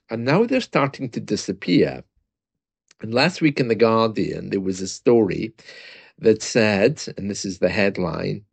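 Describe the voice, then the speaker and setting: A man's voice: on the low side, darkish tone, no room sound. A British man talking casually and reading a news report aloud, chatty and self-mocking, with asides and small laughs. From Britain.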